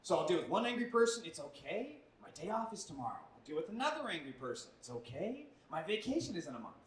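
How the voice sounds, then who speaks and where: A man's voice: sits high, very animated, racing. A young man doing a self-deprecating stand-up set on a club stage into a handheld mic, his delivery punchy and full of put-on voices. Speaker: stand-up comedian. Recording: echoey club from a distance.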